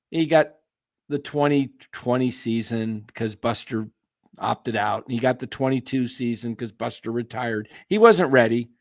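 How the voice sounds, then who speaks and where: A man talking sports on a casual stream, his voice going hoarse as he clears his throat. He rambles through strong opinions at an unhurried pace, calling out viewers by name. The recording is close and dry, with no room around him. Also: medium pitch, no room sound. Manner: opinionated, answers chat by name, rambling restarts. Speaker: sports show host. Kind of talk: casual live-stream commentary.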